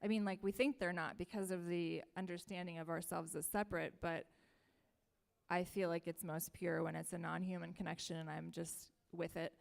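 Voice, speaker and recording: A woman's voice: lowish voice, little pitch movement, normal speed, vocal fry. A woman sharing reflections in a circle, speaking in a searching, reflective way. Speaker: circle participant. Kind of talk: personal sharing.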